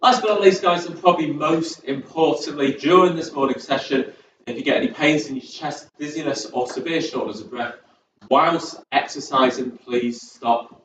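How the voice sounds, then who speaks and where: A man's voice: on the high side, moderate pace, background noise. A young man leading a chair exercise class, chatty and encouraging with rambling asides. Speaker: fitness instructor. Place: community sports centre. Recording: echoey hall, distant, dull sound.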